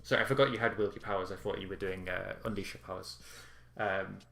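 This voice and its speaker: Low-voiced man running a tabletop game. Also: steady tone, fast talker, creaky, reverberant, a crowd in the background. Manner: rambling, frequent ums and restarts. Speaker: game master.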